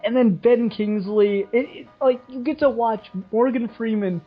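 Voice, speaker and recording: A man's voice: very high voice, steady tone, normal speed, lo-fi sound, soft background music. A young man in casual film review chat, enthusiastic, laughing often, with lots of fillers. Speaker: podcast co-host.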